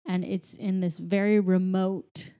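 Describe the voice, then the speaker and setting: Mellow-voiced woman recapping a movie. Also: mid-range voice, a little slow. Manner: animated retelling, voicing characters playfully. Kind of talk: casual movie recap chat.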